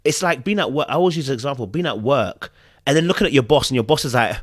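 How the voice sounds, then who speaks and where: Podcast co-host, man, lively and chatty, dry recording. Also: mid-range voice, fast talker, no echo. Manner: animated, acts out little voices, repeats words. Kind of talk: casual commentary chat.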